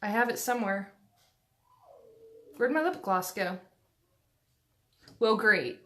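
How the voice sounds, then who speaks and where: A woman's voice: medium pitch, animated, takes it slowly, pauses often, a bit bright. Chatty woman on a phone. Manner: chatty, self-deprecating, rambling with fillers. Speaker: makeup tutorial host. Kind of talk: casual live-stream makeup tutorial. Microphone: phone camera.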